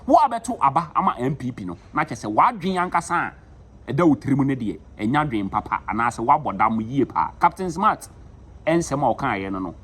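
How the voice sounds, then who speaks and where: A man's voice: medium pitch, very animated, brisk, fairly bright tone, breathy edge. Ghanaian man hosting a news update. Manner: mixes Twi with English words. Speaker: news show host.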